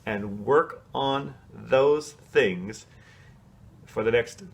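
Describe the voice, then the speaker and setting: A man teaching a children's choir, explaining solos in a relaxed, chatty way and singing short snippets to show how they go. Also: mid-range voice, drawn-out words, creaky. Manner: casual, explanatory, sings short snatches to demonstrate. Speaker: music teacher. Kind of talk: coaching a kids' choir on song solos.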